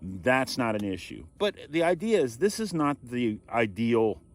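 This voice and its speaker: A middle-aged man with a mid-range, sing-song voice talks unhurriedly from a kayak on a lake, offering viewers tips on an action camera. He's easygoing, chatty and jokey, delivering casual outdoor vlog commentary.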